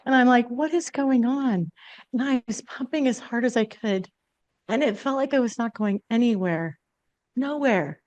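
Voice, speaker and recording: A woman's voice: mid-range voice, darkish tone, no echo. Candid woman recounting a story, dry sound. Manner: candid, confessional. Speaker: podcast host. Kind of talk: personal storytelling.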